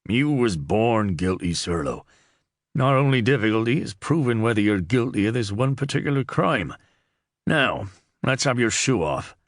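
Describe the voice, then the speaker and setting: A man voicing a wily, weather-beaten older sergeant with a gruff, sardonic manner in an audiobook. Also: lowish voice, expressive, normal speed, no room sound, studio quality, natural voice.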